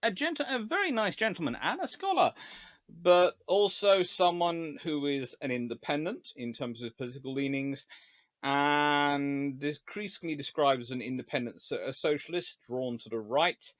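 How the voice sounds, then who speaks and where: A male history lecturer speaks on a live stream with a joking, digressive delivery. His voice sits a little high and swings widely in pitch. The recording is dry and close. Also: lively intonation, moderate pace, a bit bright, dry recording. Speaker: history lecturer and channel host.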